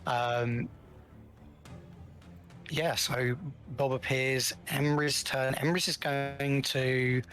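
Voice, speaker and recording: Guy playing a tabletop game, um-ing and restarting a lot, mid-pitch, soft music in the back. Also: steady tone, extremely slow, pauses often. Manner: hesitant, many ums and restarts. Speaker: player.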